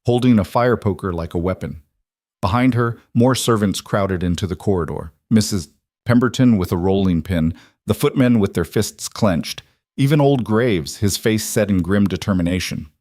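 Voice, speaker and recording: Man, story narrator, measured, dramatic, low voice, dry recording. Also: a little mellow, no echo.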